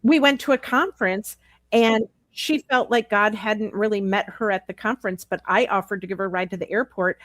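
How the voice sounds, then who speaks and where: Uma mulher convidada num podcast ao vivo, contando com sinceridade uma história e imitando os diálogos. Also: female voice, medium pitch, fairly quick, fairly bright tone, no echo. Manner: earnest storyteller acting out quoted dialogue. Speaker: podcast guest. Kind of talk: live podcast Q&A, storytelling.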